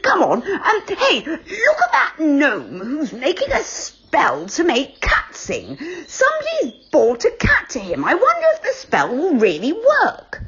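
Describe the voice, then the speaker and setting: A woman doing squeaky urgent storybook tree-dweller. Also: wildly swooping pitch, a little slow, few pauses, a bit bright, dull audio, full character voice. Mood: amused. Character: cheerful round-faced tree-dweller, adventurous.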